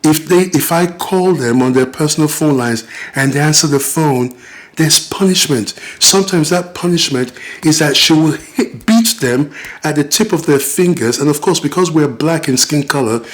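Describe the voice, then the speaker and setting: A man's voice: on the high side, normal speed. A middle-aged British-born man and father, making an indignant, emphatic personal appeal to camera and acting out the voices he quotes. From Britain. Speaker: father and vlogger.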